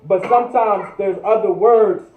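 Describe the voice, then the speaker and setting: A man's voice: high-pitched, normal speed, slight background noise. A man teaching a livestreamed language class, repeating each word over and over as he drills it. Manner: repetitive, drills each word, thinks aloud. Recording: echoey, distant, tinny phone-like sound.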